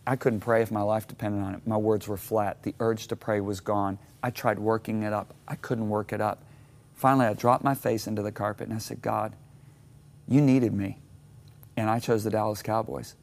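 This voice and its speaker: Animated middle-aged male storyteller. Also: on the low side, brisk. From Michigan. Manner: animated storyteller, acts out his own shouting. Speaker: guest author. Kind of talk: storytelling interview.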